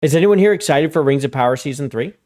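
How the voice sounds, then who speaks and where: A male streamer riffs through gaming news in a loose, conversational way. He fills his talk with casual fillers and greets his chat directly. His voice moves around a lot in pitch, keeping it lively. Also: fast talker. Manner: talks to chat viewers directly. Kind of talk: casual live-stream commentary.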